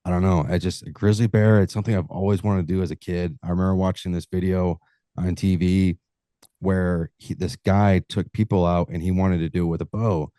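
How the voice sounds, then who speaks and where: A man's voice: deep voice, steady tone, a little fast, dark tone, dry recording, studio quality. A man, a hunting podcast host, chatting casually as a guest and swearing freely while acting out stories. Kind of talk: casual interview chat.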